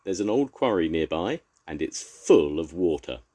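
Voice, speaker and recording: An older man voicing a sharp, urgent female kestrel in a storybook, calling shrilly. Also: sits low, animated, normal speed, dry recording.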